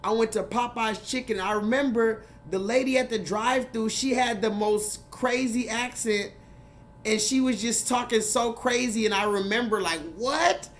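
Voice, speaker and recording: A man's voice: extremely high pitch, fairly even intonation, normal speed, a bit bright. A man hosting a casual livestream, talking emphatically to his chat, repeating himself and swearing freely. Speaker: livestream host.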